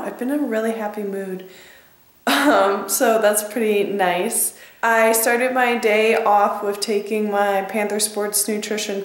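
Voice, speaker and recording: Young woman, casual vlog chat, groggy morning voice, slow and rambling, gravelly, bare echoey room. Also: medium pitch. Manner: chatty, upbeat, rambling with fillers. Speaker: fitness vlogger.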